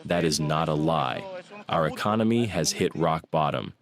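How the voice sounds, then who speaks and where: Male voice-over, extremely deep, grave, with clear crowd noise behind. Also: lively intonation, normal speed. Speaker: voice-over interpreter. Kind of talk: translated interview voice-over.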